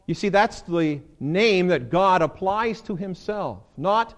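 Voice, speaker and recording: A man preaching a sermon as pastor, animated, acting out quoted lines with sudden leaps in pitch. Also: a little slow, hardly any pauses.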